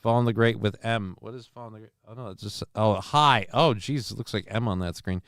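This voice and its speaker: A man's voice: fairly low pitch, a little fast, smooth, no echo, studio quality. A man hosting a casual livestream show, rambling with many fillers and crude jokes as he reads the chat. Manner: gets loud and excited over news figures.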